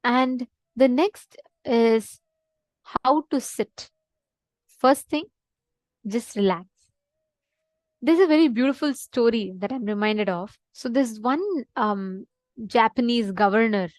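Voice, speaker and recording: A woman with a fairly high voice leads an online class, mixing practical instructions with a teaching story. She is dry and close to the mic, reassures her listeners and keeps checking in with "okay?" and "right?". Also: takes it slowly, pauses often, no echo. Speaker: program instructor.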